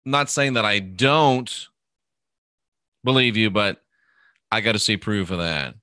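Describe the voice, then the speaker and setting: A man hosts a live podcast, answering viewer questions in an easygoing, conversational manner. His voice is bright and forward. The recording is dry, with no room sound around it. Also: lowish voice, dry recording. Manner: unhurried, conversational, answers viewer questions aloud, drifting quiet at phrase ends. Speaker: podcast host reading live comments. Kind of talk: casual live podcast chat.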